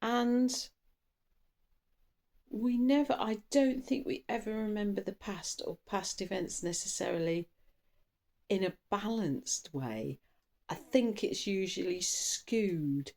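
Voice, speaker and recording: Woman, casual tarot reader, rambly chat with quick caffeinated bursts, average pitch. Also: darkish tone. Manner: chatty and rambling, trails off and restarts; buzzy from coffee, bursts of speed.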